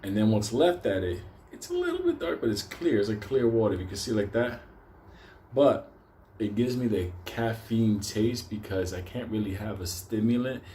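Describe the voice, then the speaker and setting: An older man who hosts stock market videos delivers a profane, casual monologue to his viewers, ranting, rambling, swearing constantly and laughing often. His voice sits on the low side with a sing-song lilt, a moderate pace and a warm tone. A little hiss or hum is audible.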